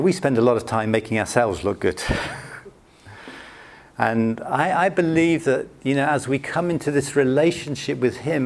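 A man's voice: mid-range voice, darkish tone. A British man preaching a sermon in a conversational, anecdotal way with self-deprecating humor. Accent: British English. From Britain.

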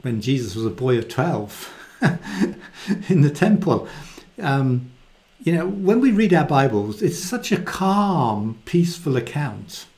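A man giving a casual, animated Bible talk and often acting out the quoted voices in it. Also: medium pitch, slow. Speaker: Bible teacher. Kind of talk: conversational Bible teaching.

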